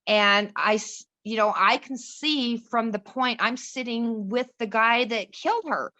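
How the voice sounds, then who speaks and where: A woman's voice: on the high side, a little slow, sharp tone. A middle-aged woman, a podcast guest, telling a personal story in an earnest, rambling way. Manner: earnest, rambling, restarts and quotes others. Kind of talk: casual storytelling chat.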